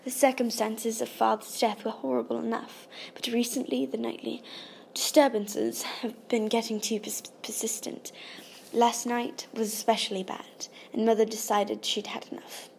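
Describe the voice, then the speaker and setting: A woman's voice: on the high side, little pitch movement, moderate pace, creaky, a little hiss or hum. Woman voicing an anxious, proper young woman. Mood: uneasy. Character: anxious, uneasy adult woman, polite and formal. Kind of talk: audiobook character voice.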